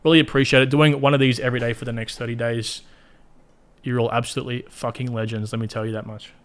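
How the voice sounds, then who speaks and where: A man's voice: mid-range voice, little pitch movement, quick pace. Blunt Australian man hosting a livestream. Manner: chatty, blunt and profane, talks straight to viewers. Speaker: crypto livestream host. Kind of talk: casual livestream commentary.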